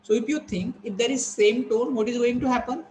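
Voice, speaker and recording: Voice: medium pitch, a little fast, a little mellow, a little hiss or hum, poor audio. A college lecturer, teaching a class and restating points through rhetorical questions to the students. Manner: repeats and rephrases, asks the class rhetorical questions.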